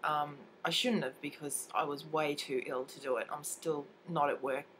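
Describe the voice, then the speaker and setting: A woman's voice: sits low, steady tone, normal speed, fairly bright tone, slight background noise, poor audio. Ranting young Australian woman with a cold. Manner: indignant, swears freely. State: has a cold. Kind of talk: casual rant to camera.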